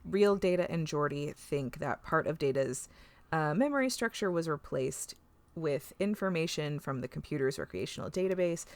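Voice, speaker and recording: A woman on a podcast, chatting loosely with plenty of ums and casual swearing. Her voice sits a little low. The recording is close and very dry. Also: dry recording. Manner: chatty, swears freely, laughs often, many fillers. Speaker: podcast co-host recapping an episode. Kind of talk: casual chat.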